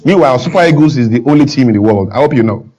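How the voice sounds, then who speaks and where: A man from Nigeria, a talk show guest in front of a studio audience, arguing with rising passion and sometimes nearly shouting. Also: medium pitch, lively intonation, racing, dull audio. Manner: builds to emphatic near-shouting, acts out broken English. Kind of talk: impassioned talk show argument.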